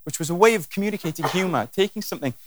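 A man's voice: high voice, rapid-fire, a little hiss or hum. A man preaching a sermon with humour, acting out scenes and voices as he goes. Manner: animated and humorous, acting out scenes.

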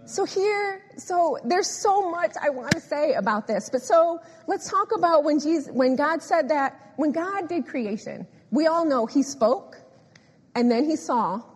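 A woman preaching a sermon, animated and emphatic, repeating phrases and often laughing. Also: high voice, measured pace. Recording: echoey hall with long reverb.

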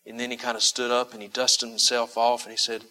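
A male pastor delivering a sermon in a bright, forward voice. He presses his points with emphatic repetition and throws rhetorical questions out to his listeners. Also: medium pitch, little pitch movement, brisk. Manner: emphatic, repeats key phrases for stress; asks the congregation rhetorical questions.

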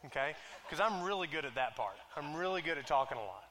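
A man preaching a sermon, conversational and joking, who slows right down when reading scripture. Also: on the high side, bright, forceful tone, slight background noise. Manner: conversational and joking, drags out scripture lines slowly. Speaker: pastor.

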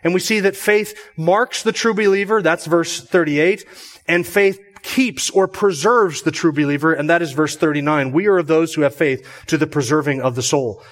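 A man preaching a measured expository sermon as pastor. He repeats phrases for emphasis and lifts his voice on key words. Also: fairly high pitch, fairly bright tone.

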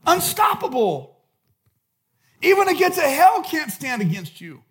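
A male pastor with a very high-pitched voice, preaching with passion. He swings between loud shouted lines and quiet, intense stretches. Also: huge pitch swings, unhurried. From California. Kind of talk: sermon.

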